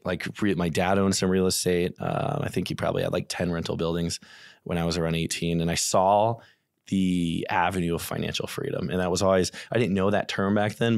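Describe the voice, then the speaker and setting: A man in his thirties from the Midwest with a Midwestern accent, a chatty podcast guest telling his story with animated quoted asides. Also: low voice, clear, resonant tone, no echo, studio quality. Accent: American Midwest. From St. Louis area, USA. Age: 30s. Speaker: podcast guest, real estate investor. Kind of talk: casual podcast interview.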